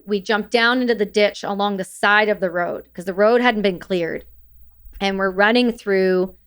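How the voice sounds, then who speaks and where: A woman recounts her time in combat on a podcast, her voice smooth and clear at a middle pitch. She talks in halting bursts, breaks off to restart her sentences and swears bluntly. It sounds like a studio mic. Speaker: podcast guest, military veteran. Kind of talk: recounting war memories in conversation.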